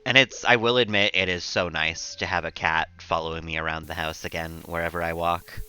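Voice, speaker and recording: A man streaming a game and chatting casually in a relaxed, rambling way, chuckling often. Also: deep voice, a little fast, smooth. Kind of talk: casual gameplay chat.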